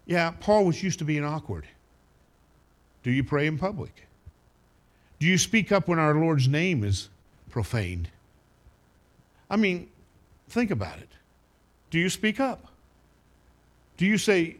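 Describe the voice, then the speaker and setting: Guy preaching a sermon, really lively pitch, acts out other people's voices. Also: takes it slowly, pauses often. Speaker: pastor.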